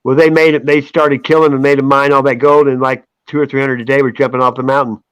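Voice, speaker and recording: A high-strung man chatting casually on a livestream, rambling from one story to the next and laughing often. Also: little pitch movement, fast talker, a bit bright, clear, resonant tone, lo-fi sound. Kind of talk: casual chat.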